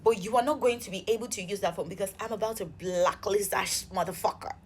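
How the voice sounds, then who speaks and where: A woman telling an exasperated storytime vlog, animated and swearing freely. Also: medium pitch, fast talker, a little hiss or hum. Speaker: vlogger.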